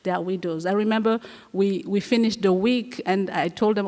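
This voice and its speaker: Woman from Rwanda, guest in an interview, halting and earnest, repeats her words, long hall reverb. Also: medium pitch, darkish tone. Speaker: guest playwright and performer. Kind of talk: conversational interview. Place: festival hall stage.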